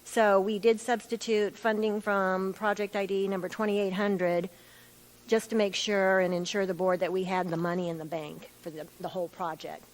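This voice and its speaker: A woman's voice: medium pitch, little pitch movement, rough recording. Woman testifying at a formal hearing. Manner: measured, detailed answers with some restarts. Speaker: utility staff witness. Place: hearing room.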